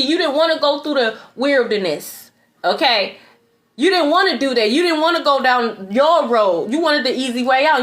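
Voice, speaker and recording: A woman's voice: sits high, a bit bright, a little hiss or hum. A woman giving a spiritual tarot reading in a blunt, preachy way. She swears, laughs in scorn and keeps asking "okay?". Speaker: tarot reader.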